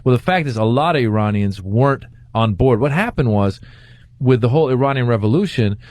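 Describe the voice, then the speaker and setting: A middle-aged man from Iran, a comedian guest telling stories in casual chat, full of fillers and quick restarts. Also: mid-range voice, no room sound. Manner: animated storytelling with many fillers.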